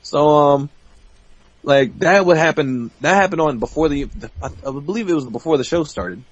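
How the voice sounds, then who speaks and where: A man in his twenties, a wrestler guest, telling a backstage story in a profane, animated way. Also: normal speed, no room sound. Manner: profane, animated, bursts into high-pitched mimicry. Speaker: interview guest, pro wrestler. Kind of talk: casual storytelling. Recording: dull, dry podcast audio.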